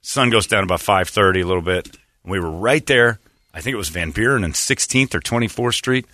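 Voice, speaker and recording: A man's voice: lowish voice, brisk, pushed and bright, no room sound. A man hosting a radio talk show, telling rambling stories, laughing often and acting out quotes in casual banter.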